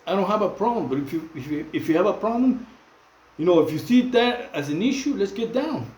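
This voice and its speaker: A man's voice: high voice, big pitch swings, brisk, a little mellow, reverberant, poor audio. A middle-aged Mexican man talking straight into his phone in a loose monologue, heavy on slang, fillers and restarts. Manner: repetitive, many fillers and restarts, street slang. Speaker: channel host. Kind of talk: casual monologue to camera.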